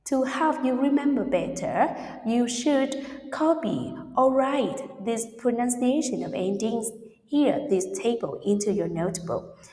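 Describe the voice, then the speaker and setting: A woman teaching English pronunciation, drilling word pairs slowly and checking in with "okay" and "right". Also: fairly high pitch, darkish tone. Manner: slow, drilled repetition of word pairs with tag questions; non-native English grammar. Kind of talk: pronunciation lesson. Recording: echoey room with long reverb.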